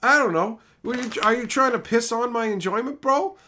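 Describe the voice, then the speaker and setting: A middle-aged man ranting sarcastically at his live chat in casual, profane talk, breaking into loud mocking outbursts. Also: extremely high pitch, brisk, a little hiss or hum. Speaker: streamer reading live chat.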